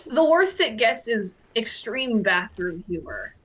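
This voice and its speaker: A woman's voice: fairly high pitch, big pitch swings, slow pace, fairly bright tone, slightly rough. A woman co-hosting a casual panel, chatting with dry, playful asides. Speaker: panel co-host. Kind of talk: casual chat.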